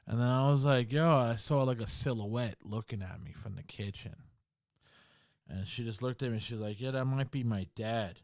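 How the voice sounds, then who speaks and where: A man with a middle-pitched voice tells a ghost story as a podcast host, slangy and profane, tossing in "bro" and "you know" all the time. He sinks into a hushed near-whisper when the story gets scary. The sound is dry and close. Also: moderate pace, dry recording. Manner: drops to a hushed voice in the scary parts. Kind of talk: casual storytelling.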